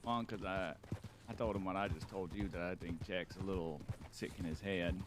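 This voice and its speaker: Brief: reflective outlaw, man, deep, meandering delivery, noisy game audio behind. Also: steady tone, normal speed, close to an everyday voice. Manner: musing, meandering, dry. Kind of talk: in-character roleplay.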